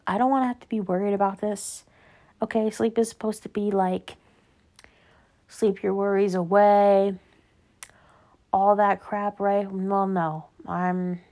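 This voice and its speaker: A woman's voice: medium pitch, darkish tone. Rambling young woman chatting casually. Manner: rambling, lots of filler "like", tangents. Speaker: podcast host. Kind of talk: casual solo chat.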